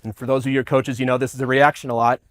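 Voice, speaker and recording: A man's voice: medium pitch, flat delivery, very fast, dry recording, clean studio sound. A man who works as a coach gives a keynote speech to a live audience. He tells a personal story in a conversational way, with self-deprecating humor, and acts out his own past thoughts. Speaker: coach giving a keynote talk. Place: event stage before a live audience.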